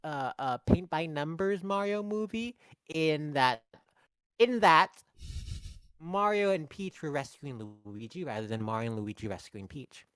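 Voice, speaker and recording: A man's voice: a little high, a little slow, smooth, dry recording. A man co-hosting a podcast, riffing goofily in casual chat. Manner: goofy, riffing, animated. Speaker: podcast co-host.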